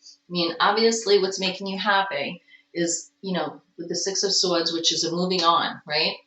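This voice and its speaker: A woman's voice: on the low side, steady tone, normal speed, a bit bright, slight background noise. A woman giving a casual tarot reading at home, with stretches where she coos baby talk to her cat. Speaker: tarot reader. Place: home room. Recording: roomy, distant, dull home recording.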